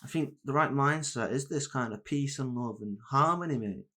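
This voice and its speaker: A man's voice: mid-range voice, normal speed, pushed and bright. A young man co-hosting a podcast in casual chat, rambling and slangy, swearing freely. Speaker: podcast co-host.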